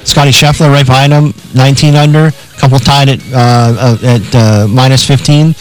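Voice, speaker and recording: A man's voice: mid-range voice, fairly even intonation, normal speed, low-quality recording. A man co-hosting sports radio, reading the game lines and odds in a plain, matter-of-fact rundown. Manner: matter-of-fact, list-like delivery.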